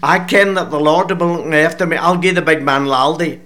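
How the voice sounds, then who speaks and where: A man's voice: on the high side, steady tone, fairly quick, bright, forceful tone, voice pushed up. An older Scottish man voicing a brave, cheeky young shepherd boy in broad dialect. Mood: defiant.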